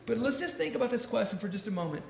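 A man preaching a sermon, stressing key phrases by repeating them slowly. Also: very high voice, animated, gravelly. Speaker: pastor. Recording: echoey room with faint noise.

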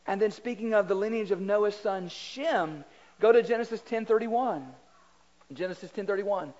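A man's voice: high voice, moderate pace, a little mellow. A man with a Southern US accent preaching a conversational sermon in a church, chatty and folksy, quizzing the congregation and repeating words. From Southern United States. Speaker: pastor. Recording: slightly dull lo-fi sound.

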